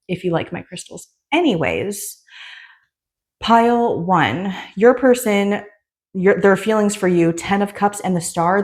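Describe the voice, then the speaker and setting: Chatty woman rambling through a story. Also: mid-range voice. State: pregnant. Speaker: tarot reader. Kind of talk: casual chat and tarot reading.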